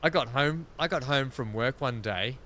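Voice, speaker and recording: Bright-voiced Australian man telling stories. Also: medium pitch, normal speed, a little hiss or hum. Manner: rambling anecdotes, laughing often. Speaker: streamer. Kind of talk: casual chat while gaming.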